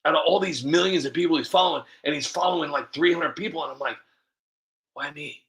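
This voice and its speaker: A man's voice: fairly high pitch, fast, fairly bright tone. A man, a video creator, rambling casually to the camera with many restarts and fillers, often laughing at himself.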